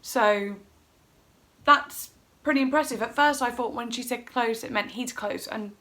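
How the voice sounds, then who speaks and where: A woman's voice: a little high, unhurried, a bit bright. A middle-aged woman at home, telling a personal story in a casual, emotional, rambling way and acting out her own quotes. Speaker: vlogger.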